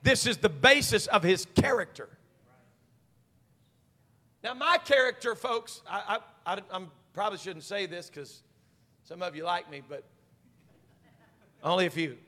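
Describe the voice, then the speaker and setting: Male pastor, bright, forceful sermon voice, call-and-response, reverberant sanctuary. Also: high-pitched, measured pace, pauses often. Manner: swings from quiet talk to shouted preaching. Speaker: senior pastor. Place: church sanctuary. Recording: long reverb of a church hall.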